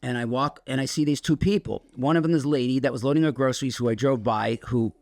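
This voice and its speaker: Podcast guest, male, gravelly voice, halting storyteller, dry close mic. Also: mid-range voice, a little mellow, no echo. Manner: rambling, halting storytelling with many restarts. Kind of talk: telling his recovery story on a podcast.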